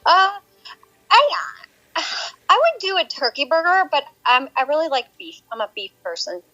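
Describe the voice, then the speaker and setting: A woman chatting casually on a stream, telling stories in an animated way and imitating other people. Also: high voice, moderate pace, dull audio. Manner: animated storyteller, mimics others. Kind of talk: casual chat.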